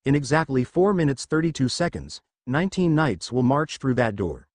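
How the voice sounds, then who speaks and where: A man's voice: medium pitch, expressive, moderate pace, a little mellow, dry recording, natural voice. A man voicing a blond young male ninja, urgent and commanding. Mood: focused.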